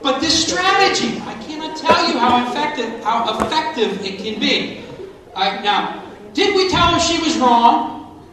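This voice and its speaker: A middle-aged man speaks to a school assembly in a high, bright voice that swings widely as he jokes and coaches. He sounds distant from the mic. His voice echoes heavily around a large hall. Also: measured pace, crowd noise. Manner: animated, coaching and joking. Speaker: motivational speaker.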